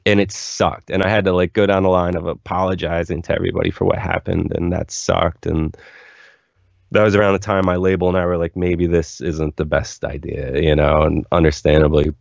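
A young man with a very deep voice and a gravelly, fry-laden texture tells his story candidly, looping through "like" fillers as he goes. The recording is dull, lo-fi and dry. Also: little pitch movement, a little fast, no room sound. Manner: rambling, candid, lots of "like" fillers. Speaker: musician guest. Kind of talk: casual interview storytelling.

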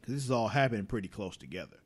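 Talking very fast in a lowish, slightly rough voice, a man casually goes over a TV episode. His talk is full of swearing and animated energy as he acts out the characters' lines in quotes.

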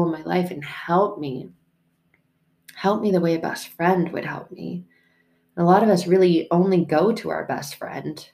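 Frank, low-voiced woman podcaster. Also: darkish tone. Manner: frank, swears casually, heartfelt and conversational. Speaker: podcast host. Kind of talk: candid faith podcast talk.

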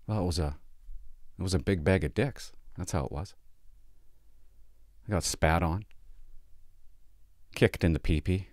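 A man's voice: sits low, measured pace, long pauses, a little mellow, no room sound, clean studio sound. A man, a police officer telling work stories in a blunt, sarcastic, profane casual vlog from a sparse home office.

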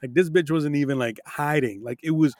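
A man's voice: fairly high pitch, a little fast, darkish tone, dry recording, studio quality. A man co-hosting a podcast, laughing and cursing as he tells stories in casual chat. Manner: laughing, profane, storytelling. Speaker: podcast co-host.

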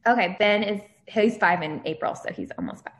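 A woman's voice: mid-range voice, sing-song, fairly quick. A woman in her thirties, a guest on a podcast, chatting casually and laughing at herself. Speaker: guest, author. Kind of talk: casual chat.

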